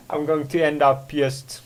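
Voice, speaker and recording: A man talks alone on his own podcast in a loose, casual monologue. He speaks slowly, stops often for fillers, and corrects himself mid-sentence. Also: a little high, very animated. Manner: rambling, full of fillers and self-corrections. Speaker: show host.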